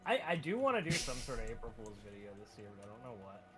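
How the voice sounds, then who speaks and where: A man chatting casually while playing a game, relaxed and wry. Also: medium pitch, fast talker, soft background music. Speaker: streaming co-player. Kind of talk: casual chat while gaming.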